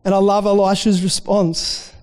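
A man's high-sitting voice comes across clear and resonant, with a darkish tone, flat delivery, and moderate pace. As pastor he preaches casually, often restarting and briefly voicing figures from his story. Long reverb fills the hall.

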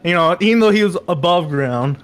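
A man's voice: high voice, expressive, brisk. A man playing a tabletop game who stumbles over his words. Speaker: player.

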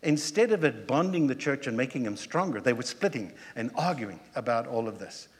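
A male pastor delivers a sermon in a plain, everyday voice. He keeps it conversational, tossing out rhetorical questions and quick asides. His words ring out with a long reverb, as if in a large hall. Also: medium pitch, lively intonation.

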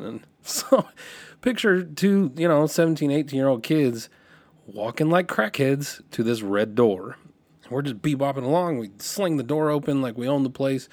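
A man's voice: medium pitch, normal speed, no room sound. A middle-aged man hosting a podcast, casually telling a rambling story from his youth, restarting his sentences as he goes. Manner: rambling, self-correcting, animated when quoting.

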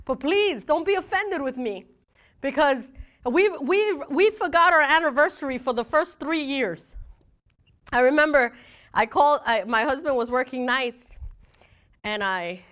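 A middle-aged woman pastor delivers a sermon in a high, bright voice. She tells stories in an animated way, acting out bits of dialogue as she goes. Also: measured pace. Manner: animated storytelling with laughs and acted-out dialogue.

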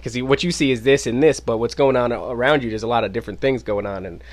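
A man hosting his own podcast, telling a casual story in an animated way and swearing freely. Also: mid-range voice, fast talker, slight background noise. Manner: animated, acts out quoted voices, swears casually. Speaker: podcast host. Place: home podcast studio.

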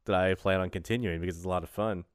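A man's voice: low-pitched, fairly even intonation, rapid-fire, clean tone, no echo, studio quality. A man co-hosting a podcast in a casual, jokey chat, laughing often and rambling through his stories. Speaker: podcast co-host.

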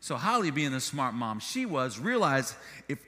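A man's voice: mid-range voice, moderate pace, long reverb tail. A male pastor preaching a sermon, telling stories with humor and energy. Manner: animated storytelling with humor.

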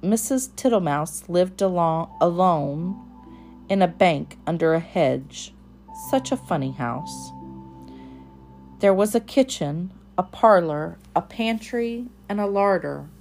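A woman reading a children's storybook aloud in a gentle, measured voice. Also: fairly low pitch, lively intonation, faint music behind. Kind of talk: storybook read-aloud narration.

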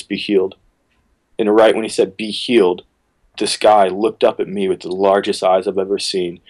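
A man with a fairly low voice tells a long story at an easy, conversational pace. He slips into quick bursts of acted-out speech and otherwise keeps a casual, friendly flow. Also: poor audio. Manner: relaxed storyteller, acts out quotes with sudden pitch jumps. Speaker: worship leader, podcast guest.

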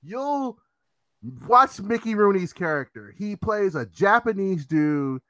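Animated, high-voiced man chatting. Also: slow, no room sound. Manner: animated, swearing, acts out quotes. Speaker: podcast co-host. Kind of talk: casual chat.

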